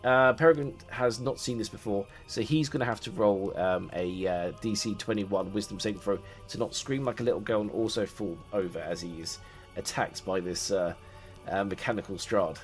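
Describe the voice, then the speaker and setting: A man's voice: on the low side, normal speed, faint music behind. A man narrating as game master, loose and hesitant, often laughing.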